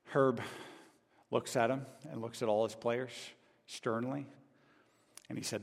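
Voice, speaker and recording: A man's voice: lowish voice, fairly even intonation, unhurried, gravelly, long pauses. A male pastor preaching a sermon as a story, with many restarts and "okay?" asides. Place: large church hall. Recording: long hall reverb.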